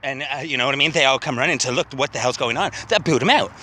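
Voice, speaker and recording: A man's voice: mid-range voice, racing, bright, forceful tone, a little hiss or hum. A man walking outdoors and vlogging into a handheld phone, rambling, emotional and swearing a lot. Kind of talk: rambling walk-and-talk vlog. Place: outdoors walking past a city cemetery.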